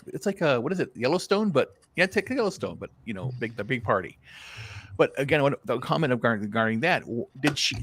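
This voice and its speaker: Husky guy in a casual chat, lively up-and-down voice, keeps restarting. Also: mid-range voice, no room sound. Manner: animated storyteller, restarts a lot.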